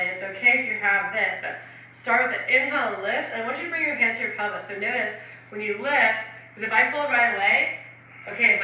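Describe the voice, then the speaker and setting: A woman's voice: fairly high pitch, sharp tone, slight background noise. A woman instructor guiding stretches in a casual, chatty way, often adding fillers and laughing. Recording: roomy echo from far off.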